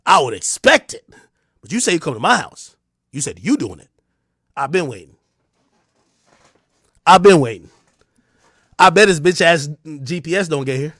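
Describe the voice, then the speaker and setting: Brief: New Jersey man, livestream host, confrontational rant, high lively voice, dry close sound. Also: a little fast, breathy edge, dry recording. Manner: taunting, confrontational, swings between loud and low. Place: home streaming room.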